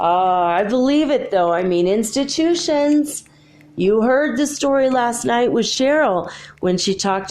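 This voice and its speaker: A middle-aged woman hosting a show, telling a ghost story in a casual way, laughing often and acting out the voices of the people in it. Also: lowish voice. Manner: animated, laughs often, acts out quoted voices. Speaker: podcast host.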